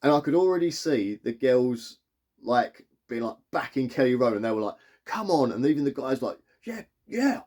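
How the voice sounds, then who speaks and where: Male vlogger, mellow and warm in tone, mid-height voice, chatty and rambling, chuckles through his stories. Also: medium pitch, brisk. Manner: rambling, animated, chuckles while telling. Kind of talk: casual storytelling to camera.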